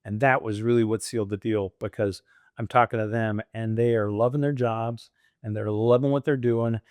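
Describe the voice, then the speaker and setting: This American man in his fifties, a franchise owner appearing as a guest, tells his career story in a relaxed interview, doing voices and laughing a lot. His voice sits on the low side and is slightly mellow, with fairly even intonation and a moderate pace. The studio recording is clean, with no room sound.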